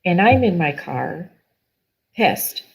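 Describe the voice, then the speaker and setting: A woman's voice: fairly low pitch, very animated, slow pace, gravelly, breathy edge, poor audio. A middle-aged woman guest telling a personal story in an earnest, emotional way, often restarting her sentences.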